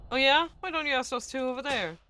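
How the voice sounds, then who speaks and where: A woman's voice: high-pitched, quick pace, pushed and bright, slight background noise, pitched above the performer's own voice. Woman reading a cocky, sarcastic male reporter. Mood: sly. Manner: taunting, sarcastic. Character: cocky male journalist, needling and bold.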